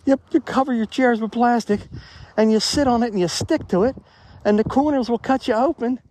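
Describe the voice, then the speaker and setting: A man's voice: extremely high pitch, a little fast, darkish tone, a little hiss or hum. A man talking to his phone as he walks outdoors, musing in a rambling, conversational way in a reflective vlog. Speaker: vlogger. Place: outdoors in a cemetery. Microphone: phone held while walking.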